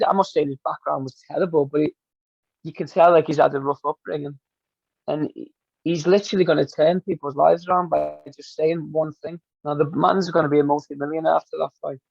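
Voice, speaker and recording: A man's voice: on the high side, fairly even intonation, a little fast, vocal fry, a little mellow, no echo. A Glaswegian man, a football coach guest, speaking earnestly and from the heart in a podcast interview. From Scotland. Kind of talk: casual interview chat. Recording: dull dry lo-fi sound.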